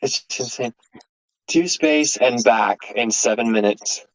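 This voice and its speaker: A man's voice: medium pitch, unhurried, dry recording. A man chatting over voice chat during a live reaction stream, easygoing, laughing often and stumbling over repeated words. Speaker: guest on voice chat. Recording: dull lo-fi voice chat audio.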